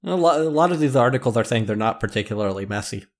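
A man's voice: medium pitch, expressive, fast talker. A man co-hosting a podcast in casual chat, teasing and laughing often. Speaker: podcast co-host.

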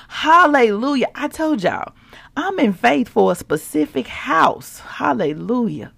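Gravelly exuberant woman preaching to listeners. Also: fairly high pitch, big pitch swings, slow, no echo, clean studio sound. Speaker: podcast host. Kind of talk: devotional blog podcast.

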